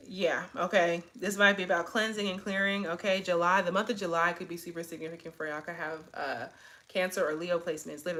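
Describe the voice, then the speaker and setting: A woman's voice: fairly low pitch, a bit bright. Slangy woman in her twenties reading tarot. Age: 20s. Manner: chatty, slangy, keeps tagging lines with "okay?". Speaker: tarot reader. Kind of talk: casual pick-a-card tarot reading.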